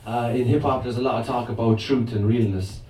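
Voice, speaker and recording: At a live open mic, an Irish man performs comic spoken word rap in a chatty, self-mocking way, laughing between lines. His mid-range voice is warm, fairly even in intonation and moderately paced. The audio from the venue, where an audience is present, sounds echoey, distant and noisy.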